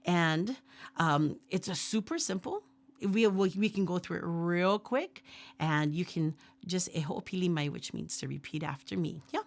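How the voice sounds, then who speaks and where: A woman leading a workshop, teaching Hawaiian pronunciation slowly and patiently with repeat-after-me drills. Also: fairly low pitch, creaky. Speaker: ukulele and Hawaiian language teacher.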